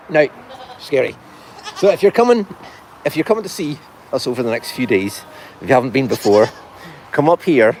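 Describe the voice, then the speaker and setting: Farmer chatting among bleating goats. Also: male voice, medium pitch, a little mellow. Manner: chatty, coos affectionately at the goats. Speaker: farmer hosting a morning farm video. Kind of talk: casual talk to animals and viewers. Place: animal pen in a farm shed. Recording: noisy farm pen, goats bleating.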